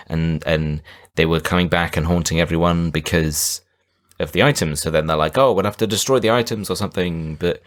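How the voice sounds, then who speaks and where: A man co-hosting a podcast, rambling through a film recap in casual banter. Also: deep voice. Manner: rambling recap with quick silly put-on voices. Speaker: podcast co-host.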